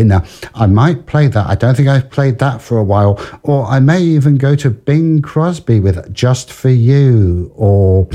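A man's voice: on the low side, warm tone. A man hosting a radio show, rambling in a dry, self-mocking way with many restarts and fillers. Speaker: radio presenter. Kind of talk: self-deprecating radio patter.

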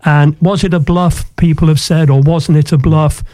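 A man's voice: a little high, steady tone, moderate pace, mellow, dry recording. A man who once owned a football club looks back on his story in an interview, in an anecdotal way with frequent "you know" fillers.

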